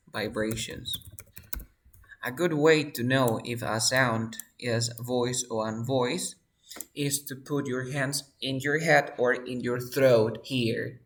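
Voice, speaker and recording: Male teacher, unhurried, drills sounds over and over. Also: mid-range voice, fairly bright tone. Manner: slow, repeats sounds and words, asks the class questions. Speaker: English teacher. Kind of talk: pronunciation lesson.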